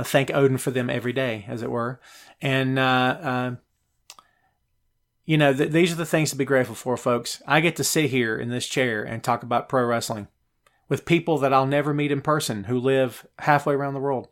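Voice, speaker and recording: Chatty man hosting a wrestling stream. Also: mid-range voice. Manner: chatty, animated, reads chat names aloud. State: out of breath. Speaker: podcast host. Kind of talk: casual live-stream wrestling talk. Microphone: phone.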